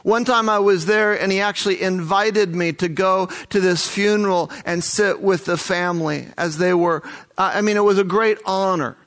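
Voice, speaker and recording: High-voiced man telling a testimony. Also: fairly even intonation, moderate pace, fairly bright tone. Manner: earnest, vivid retelling with acted-out dialogue. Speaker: missionary. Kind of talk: first-person testimony storytelling.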